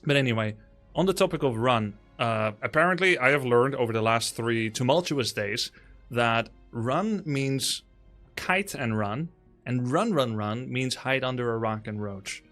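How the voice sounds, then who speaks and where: A man's voice: mid-range voice, moderate pace, fairly bright tone, soft background music. A man with a Dutch accent, talking at length and laughing as a guest in a casual interview. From Netherlands. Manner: talkative, laughing, explanatory. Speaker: guest, streamer.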